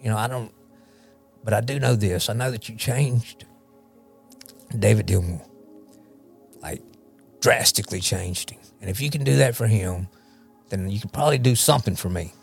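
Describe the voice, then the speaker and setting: A man's voice: on the low side, moderate pace, vocal fry, pauses often, faint music behind. A man shares his personal testimony as a podcast guest, rambling and repeating words as he talks. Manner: rambling, repeats words, often asks "you know what I mean?". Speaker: guest, recovery ministry leader.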